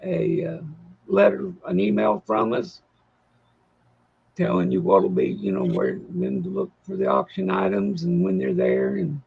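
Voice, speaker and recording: A man's voice: high voice, measured pace, creaky, breathy edge, narrow, tinny audio. A man co-hosting a casual livestream chat, drawling and easygoing. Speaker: co-host.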